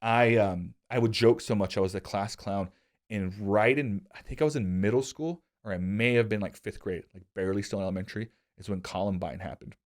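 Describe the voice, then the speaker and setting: A man in his thirties hosting a podcast, telling casual stories with self-deprecating humor. He gets animated, and his voice jumps high when he quotes himself. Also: brisk. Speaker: podcast host. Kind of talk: casual conversational storytelling.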